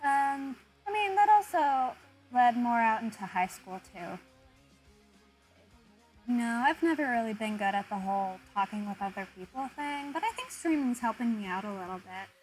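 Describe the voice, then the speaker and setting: A woman's voice: a little high, expressive, moderate pace, soft background music, rough recording. A young woman streamer chatting casually with viewers, self-deprecating and laughing often. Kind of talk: casual chat with viewers while drawing.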